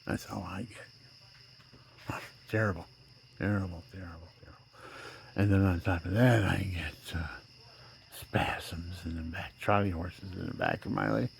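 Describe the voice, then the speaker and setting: Gravelly seventy-something man rambling. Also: sits low, steady tone, moderate pace, long pauses. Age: 70s. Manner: rambling, drifts between loud outbursts and near-whispers. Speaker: vlogger. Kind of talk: rambling personal monologue.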